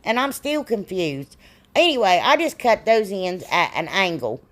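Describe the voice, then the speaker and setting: A woman's voice: mid-range voice, sing-song, moderate pace, fairly bright tone. A middle-aged woman, rambling and self-deprecating as she explains a craft in a casual tutorial. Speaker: DIY crafts channel host.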